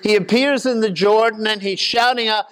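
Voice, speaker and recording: A man preaching a sermon with a high, smooth, ringing voice. He talks in a casual, folksy way, with asides and humor. A long reverb trails each phrase. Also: steady tone, normal speed, fairly bright tone.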